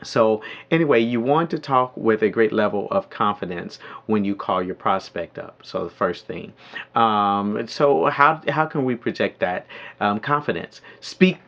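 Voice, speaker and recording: A man giving a spoken training lesson on calling sales leads, pausing often with ums and restarts, sometimes acting out phone calls. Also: lowish voice, gravelly. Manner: hesitant with many ums, then lively role-play of phone calls. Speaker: network marketing trainer. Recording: dull lo-fi audio.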